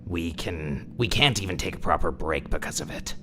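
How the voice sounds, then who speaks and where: A man reading as a weary, very deep-voiced young boyfriend. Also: normal speed, natural voice. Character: weary young man answering a clingy partner. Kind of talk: comedic dramatic reading.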